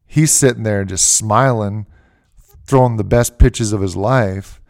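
A man with a fairly low voice hosts a casual podcast, thinking out loud as he goes. His tone is warm and mellow, and he often stops to restart a phrase before carrying on. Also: unhurried. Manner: rambling, conversational, often restarts mid-phrase. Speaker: podcast host. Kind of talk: casual fantasy baseball podcast talk.

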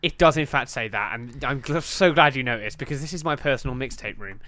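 A man's voice: mid-range voice, a little fast, sharp tone, no echo. A young man from England hosting a podcast in casual, sweary banter, joking and laughing often. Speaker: podcast host.

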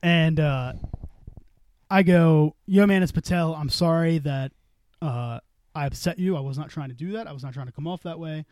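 A man's voice: a little high, moderate pace, a little mellow, no room sound. A man telling a long story on a casual podcast, swearing freely and acting out the dialogue. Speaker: podcast co-host.

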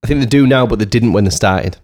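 A man co-hosting a casual podcast, joking and bantering with quick laughs. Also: on the low side, darkish tone. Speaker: podcast co-host.

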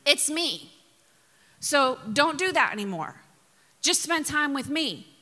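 A woman's voice: high voice, sing-song, slow pace, sharp tone, long reverb tail, voice pushed up, exaggerated voice. A woman preacher voicing God as a stern male figure who scolds in blunt, exasperated commands. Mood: insistent.

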